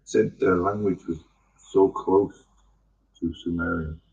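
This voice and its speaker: A man's voice: low-pitched, fairly even intonation, slow, darkish tone, recorded from a distance, muffled recording. A man in a rambling, profane, angry monologue. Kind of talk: ranting monologue.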